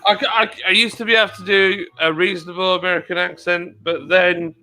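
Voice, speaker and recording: A man's voice: high voice, fairly even intonation, fast talker, sharp tone. A man with a Yorkshire-tinged British accent, chatting casually, jokey and apologetic. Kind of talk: casual chat.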